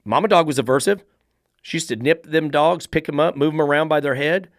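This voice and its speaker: A man's voice: a little high, a little fast, dry recording. Blunt man in his middle years, dog trainer host, cusses, dry close sound. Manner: blunt, profane, fires rhetorical questions. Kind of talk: podcast monologue.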